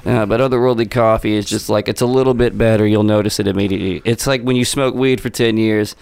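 A man's voice: fairly low pitch, steady tone, fast talker, gravelly, a little mellow, clear, resonant tone, no room sound. A young man hosting a podcast, talking in a crude, joking, rambling way. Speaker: podcast host. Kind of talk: crude casual podcast chat.

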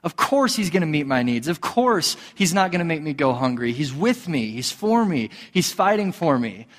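A man with a fairly high voice preaches in a loose, conversational manner, telling stories with plenty of fillers and restarts. His voice rings out with a long reverb, as if in a large hall. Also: big pitch swings, moderate pace. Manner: conversational, storytelling with filler words and repetitions. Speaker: pastor. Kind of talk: sermon.

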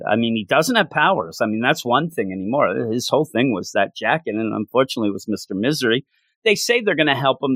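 A man casually recapping a comic book issue and acting out the characters' lines in livelier, higher voices. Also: a bit bright, no echo. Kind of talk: casual recap with acted-out quotes.

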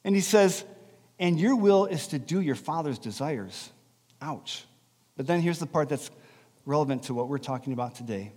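A man preaching a sermon as pastor, animated and conversational, asking the congregation questions. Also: fairly high pitch, moderate pace, husky, big-room sound. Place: church sanctuary.

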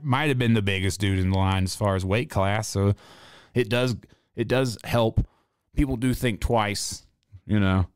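A man's voice: on the low side, clear, resonant tone, no room sound, clean studio sound. A man in his thirties hosting a podcast, telling a story in casual, rambling talk full of swearing. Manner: profane, rambling, animated storyteller. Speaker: podcast host.

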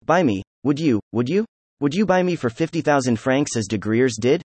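A man reading the lines of a scornful, hysterical young woman in a novel, in an even, unhurried voice. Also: medium pitch, husky, no room sound. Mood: overwrought.

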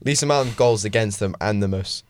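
A man's voice: fairly low pitch, a little fast, dry recording. A young man co-hosting a podcast in casual chat, laid-back and agreeable with casual slang. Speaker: podcast co-host.

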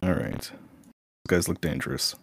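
A man's voice: unhurried, no room sound, clean studio sound. A man playing a tabletop game, thinking aloud and hesitating as he decides. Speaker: player.

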